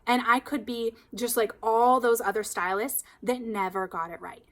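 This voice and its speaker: Woman hairstylist, higher voice, chatty and animated, casual storytelling. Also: normal speed. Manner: chatty, animated, heavy use of "like".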